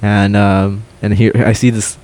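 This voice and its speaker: A young man co-hosting a podcast, telling a story in casual chat, swearing and loudly acting out what people said. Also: on the low side, measured pace. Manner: animated, swears a lot, acts out quotes loudly. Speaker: podcast co-host.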